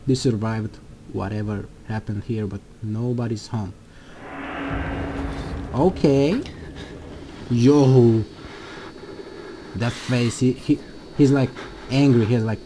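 A man hosting a let's play of a horror game, talking along excitedly, jumping at scares and swearing at them. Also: lowish voice, slight background noise. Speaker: gaming channel host.

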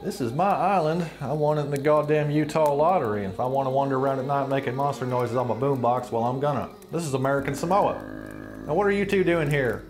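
A man's voice: medium pitch, fast talker, background noise, lightly acted. A man voicing a brash middle-aged woman who owns an island and talks in a crude, folksy way. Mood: indignant. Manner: loud, crude, folksy drawl.

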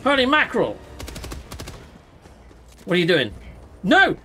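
A British man who hosts a gaming channel, talking through his play in a casual, excitable way and yelping when things go wrong. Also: sits high, unhurried, soft background music. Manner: excitable, exclaims and yelps during fights. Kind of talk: casual let's-play commentary.

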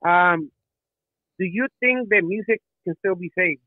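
A man's voice: high voice, a little slow, no room sound, narrow, tinny audio. A man calling in to a radio show, asking questions in a hesitant, rambling way. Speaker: caller. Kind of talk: call-in question.

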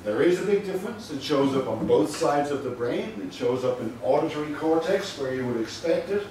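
A man's voice: a little high, animated, darkish tone. Man lecturing in a very echoey room. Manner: measured and explanatory, stressing key points. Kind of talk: university lecture. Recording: very echoey room from a distant mic with faint noise.

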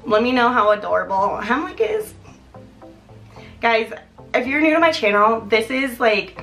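A high-pitched young woman chats through an unboxing on camera, giggling and gushing. She talks casually and easily slips into excited squeals. There is light music underneath. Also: unhurried. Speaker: vlogger.

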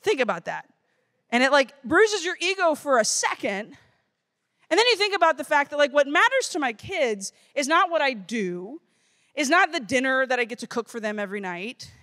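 A woman in her thirties giving a lively, playful talk to teenagers at a youth conference. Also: sits high, normal speed. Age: 30s. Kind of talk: motivational talk to teens. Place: conference stage before a crowd.

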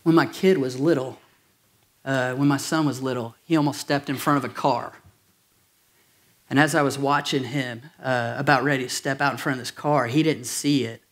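A man's voice: medium pitch, steady tone, moderate pace. A pastor preaching a sermon to his congregation, conversational and jokey, with asides and questions to the room. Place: church auditorium.

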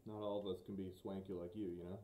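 A man's voice: deep voice, flat delivery, fast talker, warm tone. A man playing his character in a tabletop game, loose and jokey, often laughing. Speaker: player. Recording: echoey room with faint noise.

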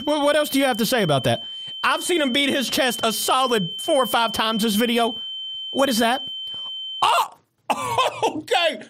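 A reaction video host giving excitable, chatty play-by-play in casual commentary, laughing often. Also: high voice.

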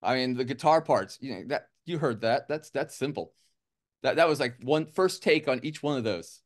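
A man's voice: mid-range voice, expressive, moderate pace. A man from the United States, a musician guest, chatting casually in an interview with a rambling, joking, self-deprecating manner.

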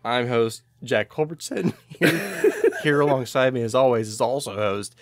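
A man's voice: medium pitch, normal speed. A young adult man hosting a podcast, telling a long story in a casual, tipsy way, rambling with lots of fillers and swearing. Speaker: podcast host.

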